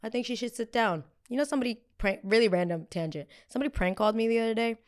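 A woman's voice: on the high side, rapid-fire. Blunt gossipy woman host. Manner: blunt, gossipy and profane, with frequent tangents. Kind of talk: casual pop culture commentary.

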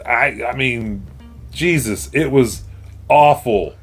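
A man's voice: medium pitch, slow pace, breathy edge. Crude joking man, faint music behind. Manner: crude, joking, animated storyteller. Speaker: podcast co-host. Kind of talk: casual chat.

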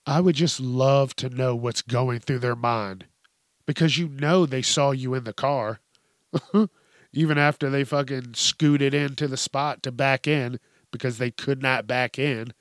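A man's voice: medium pitch, fairly even intonation, unhurried, no room sound, studio quality. A man hosting a podcast, telling a profane, exasperated comedic rant in casual talk. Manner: profane, ranting, exasperated storytelling. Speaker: podcast host.

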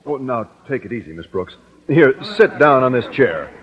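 An actor playing a bashful, formal schoolteacher in a 1940s radio sitcom, talking stiffly and stammering when flustered. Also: male voice, mid-range voice, sing-song, normal speed, a crowd in the background, natural voice. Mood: earnest. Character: bashful, stuffy male science teacher. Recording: dull old radio broadcast, audience laughter.

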